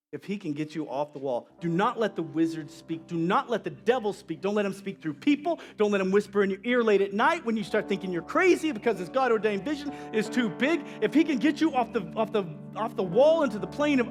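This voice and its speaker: A man preaches with urgent, repetitive exhortation, driving each line home. His voice sits high for a man, and soft music plays faintly underneath. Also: expressive, a little fast. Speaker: pastor. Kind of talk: sermon.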